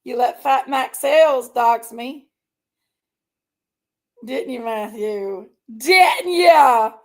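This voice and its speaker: A woman ranting to her viewers in a heated, casual way. She is emotional and fired up, and keeps telling herself to calm down. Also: a little high, takes it slowly. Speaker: online commentary streamer.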